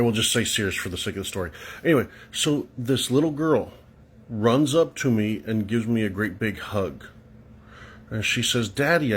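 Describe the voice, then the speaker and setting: A man with a husky voice recounts a strange encounter in a casual storytelling style. He is blunt and offhand, swearing without fuss. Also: fairly low pitch.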